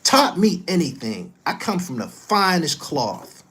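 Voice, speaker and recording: A middle-aged man delivering a heated, profane rant, scolding someone directly and swinging between loud outbursts and low muttering. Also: very animated, unhurried. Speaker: commentary host.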